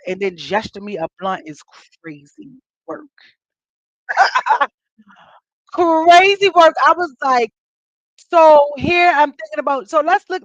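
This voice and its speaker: A fairly high-voiced woman with tells a story to her podcast listeners, laughing as she acts out what people said. The sound is dull and muffled, with no room echo at all. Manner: animated, laughing, acts out quotes. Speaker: podcast host.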